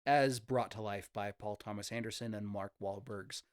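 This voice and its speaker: A man co-hosting a movie podcast, talking in an easygoing, deadpan way with plenty of pauses. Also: fairly low pitch, no echo, studio quality. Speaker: podcast co-host. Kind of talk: casual chat.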